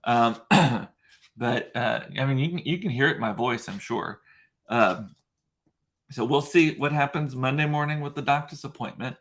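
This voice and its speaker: Hosting a laid-back livestream, a man rambles chattily through his viewers' comments at a moderate pace. His voice is deep, gravelly and a bit bright, and his talk is loaded with fillers and jokes at his own expense.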